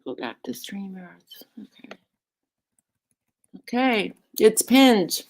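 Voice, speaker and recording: A woman's voice: medium pitch, big pitch swings, takes it slowly. A woman live streamer chatting casually, rambling and greeting viewers by name.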